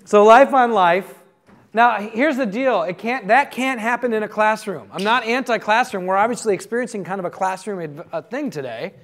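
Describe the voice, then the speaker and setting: A man's voice: sits high, fairly quick, hardly any pauses, fairly bright tone. Earnest storytelling man speaking to a crowd. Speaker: conference speaker. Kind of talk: teaching talk to a live audience.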